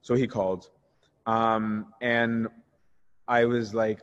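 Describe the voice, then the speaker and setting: A priest teaching a Bible study in a candid, conversational way, answering questions and telling personal stories. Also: male voice, medium pitch, unhurried, highs cut off. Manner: candid and conversational, shifts into animated retelling.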